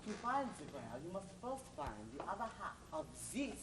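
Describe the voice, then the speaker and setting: A woman's voice: mid-range voice, big pitch swings, moderate pace. A woman playing a scheming informant who swaps between a mock French accent and a mock German accent, hammy and theatrical. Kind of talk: amateur stage comedy. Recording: roomy stage audio from far off, noisy.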